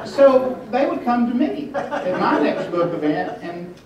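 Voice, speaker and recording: A man tells wry, halting stories to an audience at a hotel event, full of restarts. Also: extremely high pitch, sing-song, over a noisy crowd. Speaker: author speaking at a tribute event. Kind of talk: storytelling talk to an audience. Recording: echoey room from far off.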